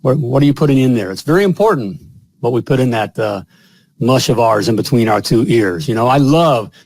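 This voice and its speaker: A man's voice: mid-range voice, animated, brisk, darkish tone, dry recording. A man hosting a live online talk show in a folksy, salesy way, repeating himself as he talks. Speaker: host of a live plumbing show. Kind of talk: upbeat live-stream monologue. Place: home studio.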